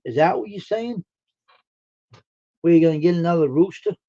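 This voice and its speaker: A man's voice: fairly high pitch, normal speed, dark tone. Folksy chatty man on a lo-fi stream. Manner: folksy, chatty, answers chat comments. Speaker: live stream host. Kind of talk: casual chat with viewers.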